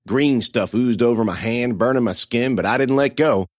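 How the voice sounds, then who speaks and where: A man reading a first-person horror story in a dramatic, expressive way. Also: medium pitch, normal speed, no echo, studio quality.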